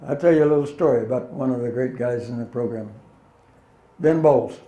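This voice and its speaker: An older man spins folksy, plainspoken stories for a room of listeners, his voice mellow and warm. He chuckles at his own punchlines, and the sound carries a roomy hall echo. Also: medium pitch, fairly quick. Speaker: guest speaker, former pilot. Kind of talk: anecdotal talk to an audience. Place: meeting hall.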